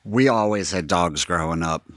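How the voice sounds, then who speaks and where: A young man, a comedian co-hosting a podcast, telling childhood stories in a deadpan way. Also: low-pitched, normal speed, dry recording, clean studio sound. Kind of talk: casual chat.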